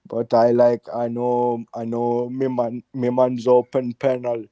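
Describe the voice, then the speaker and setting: Laid-back man with mellow voice. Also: mid-range voice, monotone, a little slow, no room sound. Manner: slips in a playful put-on Jamaican accent. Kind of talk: casual group chat on a stream.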